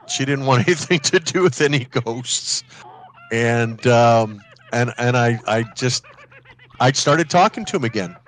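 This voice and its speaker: A man co-hosting a podcast, casually telling a ghost story and acting out the voices of people in it. He often restarts and repeats words when he gets excited. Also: mid-range voice, measured pace. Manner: lively storytelling, acts out quoted voices. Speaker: podcast co-host.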